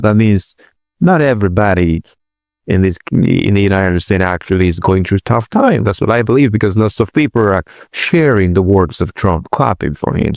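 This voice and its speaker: A man hosting a political commentary show, reacting to clips with stumbling restarts and bursts of disbelief. His voice is low. The recording is dry and close. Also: gravelly, darkish tone, no echo. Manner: hesitant restarts, incredulous exclamations.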